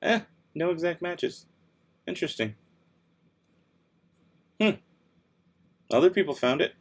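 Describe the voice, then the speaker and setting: A young man hosts a relaxed livestream, reading out viewer comments as he works. His voice is husky with a gravelly edge and sits a little high, with a lively, swooping pitch. He sounds tired and easily exasperated, as though his voice is wearing out. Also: slow pace. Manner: laid-back, easily exasperated, mumbles while working. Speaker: livestream host.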